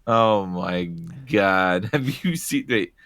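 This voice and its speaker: A man's voice: lowish voice, slow, a bit bright, no room sound, clean studio sound. A man talking as a podcast guest in casual chat, blunt and joking, swearing freely.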